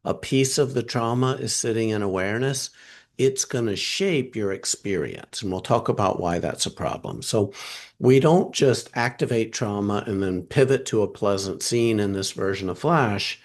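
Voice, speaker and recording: A man teaching a workshop over a video call, animated, posing questions and answering them himself. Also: fairly low pitch, normal speed. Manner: animated, asks and answers his own questions. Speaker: trainer.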